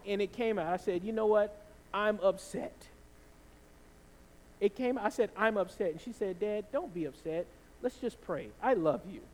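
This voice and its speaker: A man in his thirties preaching a sermon, talking through a personal story in a lively, conversational way and often checking in with the congregation. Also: extremely high pitch. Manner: conversational, animated storytelling with frequent "right?". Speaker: pastor. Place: church sanctuary. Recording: long hall reverb.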